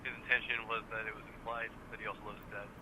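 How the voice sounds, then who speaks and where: A man's voice: fairly low pitch, level tone, rapid-fire, background noise. A man calling in to a podcast, thinking aloud in a hesitant, stammering way. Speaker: caller. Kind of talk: casual phone-in chat.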